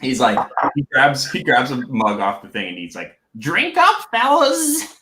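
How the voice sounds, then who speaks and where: A man narrating a tabletop game as game master, in a halting, casual way, with lots of restarts. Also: on the low side, expressive, bright, forceful tone, reverberant, slight background noise. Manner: halting, full of fillers and restarts.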